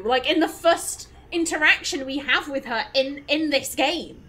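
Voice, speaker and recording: A woman's voice: high voice, moderate pace, a bit bright, poor audio. A woman streamer giving casual let's-play commentary, rambling and emphatic with many restarts. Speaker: gaming streamer.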